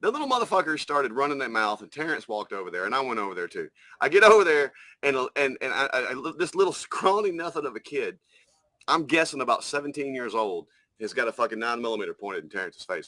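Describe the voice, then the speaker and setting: A man co-hosting a podcast, telling an animated story in casual chat with heavy swearing. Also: medium pitch, fast, no echo. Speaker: podcast co-host.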